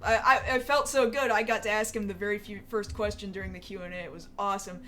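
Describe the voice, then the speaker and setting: A woman's voice: medium pitch, fairly even intonation, quick pace, pushed and bright. A young woman hosting a casual chat show, rambling and chatty with plenty of fillers. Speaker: show host.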